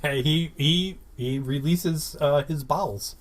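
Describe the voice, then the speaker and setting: A man's voice: on the high side, slow. Easygoing man co-hosting a podcast. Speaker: podcast co-host. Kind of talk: casual recap chat.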